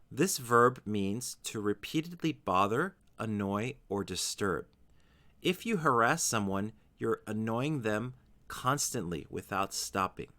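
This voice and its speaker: A man with a fairly low voice gives a scripted English vocabulary lesson. His pitch rises and falls a great deal as he explains. He slows down on each example word so it comes through clearly. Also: a bit bright. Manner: slow, careful pronunciation of example words. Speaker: English teacher.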